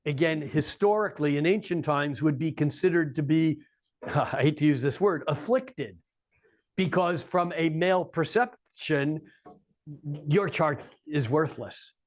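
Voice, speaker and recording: A man's voice: on the high side, a little slow. A man giving a live astrology talk to an audience in a coffeehouse, with wry joking asides.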